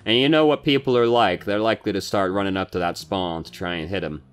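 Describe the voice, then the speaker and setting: A man with a deep, low voice gives casual gameplay commentary while coaching through a match. He talks loosely, swears freely and lets his frustration show. Faint guitar music plays quietly underneath. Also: quick pace. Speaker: gaming coach reviewing a match.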